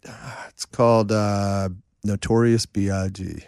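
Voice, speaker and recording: A man in his fifties, a songwriter and producer, telling animated, self-deprecating stories in a casual interview. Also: on the low side, unhurried, clear, resonant tone, no room sound, clean studio sound. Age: 50s. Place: home studio room.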